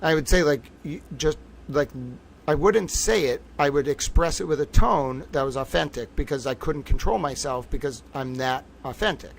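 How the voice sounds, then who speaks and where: A man's voice: fairly high pitch, normal speed, creaky. A man giving casual livestream commentary, talking in a rambling, profane and emphatic way.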